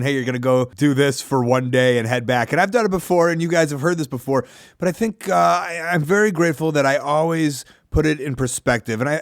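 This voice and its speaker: A man, hosting a podcast in a rambling, self-deprecating monologue with animated asides. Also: on the high side, no room sound, clean studio sound. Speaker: podcast host. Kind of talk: casual monologue.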